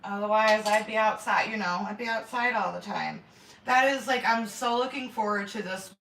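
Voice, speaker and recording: A woman's voice: medium pitch, moderate pace, a bit bright. A middle-aged woman, hosting a casual livestream from her kitchen and chatting bluntly with viewers. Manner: chatty and blunt, swears, greets viewers by name. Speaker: homestead channel host. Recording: echoey room, distant mic, faint noise.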